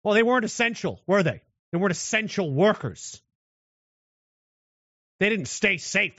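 A man's voice: high voice, lively intonation, normal speed, pauses often, a bit bright, dry recording, dull audio. A man delivering a blunt, aggressive monologue rant, mocking those who show mercy.

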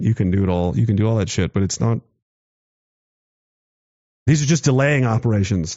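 A man hosting his own show, delivering a sarcastic, combative monologue to camera, swinging from low muttering to raised challenges. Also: a little mellow, no room sound, highs cut off. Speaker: commentary show host.

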